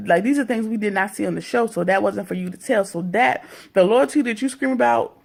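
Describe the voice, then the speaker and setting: Slangy vlogger with vocal fry. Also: medium pitch, a little fast. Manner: slangy, expressive retelling with profanity and mock quotes. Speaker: reality TV reviewer. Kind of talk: casual TV recap commentary.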